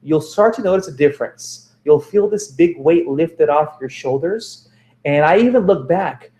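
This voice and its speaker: A man's voice: fairly high pitch, lively intonation, moderate pace, dark tone. Man teaching positive thinking, echoey room. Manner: repeats phrases for emphasis, self-corrects. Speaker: self-help speaker. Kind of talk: motivational talk.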